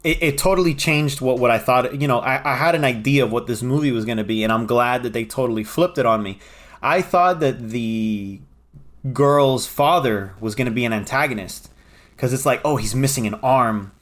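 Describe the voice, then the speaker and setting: Excitable man reviewing a film. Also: mid-range voice, moderate pace. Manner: animated, jumps into quoted voices, self-correcting. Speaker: podcast co-host. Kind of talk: casual film review chat.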